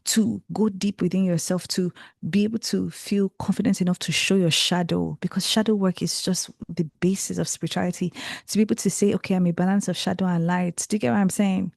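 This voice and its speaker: A young woman with a Nigerian accent speaks as an interview guest, earnest and reflective, with a low, gravelly voice. Her tone is dark and mellow, and the recording is dry with no room sound. She circles back and restarts phrases as she thinks aloud. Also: a little fast, dry recording. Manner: earnest, reflective, animated with frequent self-corrections. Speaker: guest, creative and tarot reader. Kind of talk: casual conversational interview.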